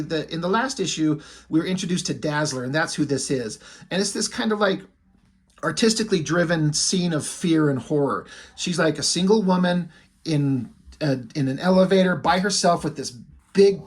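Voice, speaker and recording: Brief: man in his forties, comic reviewer, husky voice, slightly high, excitable and swearing. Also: moderate pace. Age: 40s. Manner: enthusiastic, profane, retells plots in quotes. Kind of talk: casual review monologue.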